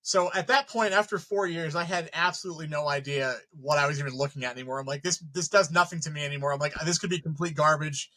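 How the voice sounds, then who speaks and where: Animated bright-voiced man telling stories. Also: fairly high pitch, fast, hardly any pauses, poor audio. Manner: animated, swearing freely, acts out his own reactions. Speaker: filmmaker guest. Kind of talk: casual storytelling.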